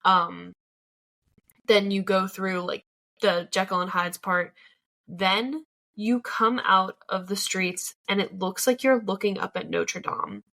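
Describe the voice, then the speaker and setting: A woman's voice: mid-range voice, steady tone, slow pace, creaky, pushed and bright. Eager young woman podcast co-host. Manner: eager, chatty, fond of "like". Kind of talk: casual chat.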